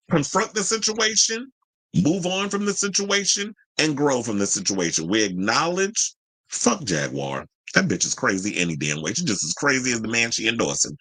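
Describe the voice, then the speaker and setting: A man's voice: mid-range voice, a bit bright, no room sound, rough recording. A man hosting a celebrity news commentary show, ranting bluntly and heatedly, with a lot of cursing. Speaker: commentary host.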